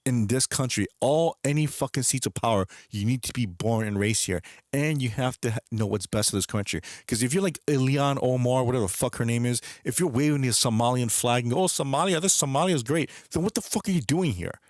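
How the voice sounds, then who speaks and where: A man's voice: mid-range voice, brisk, hardly any pauses, darkish tone, no echo, studio quality. A young man livestreaming, talking in a heated, profane rant, stumbling and restarting his sentences. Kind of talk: casual chat.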